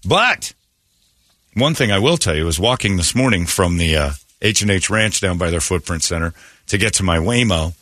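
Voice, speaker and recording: Forceful, lively American radio host. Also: male voice, low voice, dry recording, clean studio sound. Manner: rambling, jokey, quick asides. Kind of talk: joking morning radio banter. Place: radio studio. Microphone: studio microphone.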